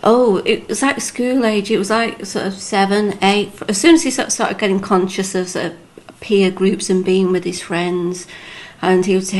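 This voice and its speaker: A woman's voice: mid-range voice, steady tone, moderate pace. Chatty Lancashire woman with a Liverpool touch. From Lancashire, England. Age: 40s. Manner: chatty, frank, laughs easily. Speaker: interviewee. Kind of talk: casual chat.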